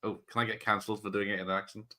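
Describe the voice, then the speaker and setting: A man's voice: fairly low pitch, level tone, very fast, noisy background. A man hosting a watch-party stream, chatting and joking through rambling tangents. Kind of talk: casual live-stream commentary.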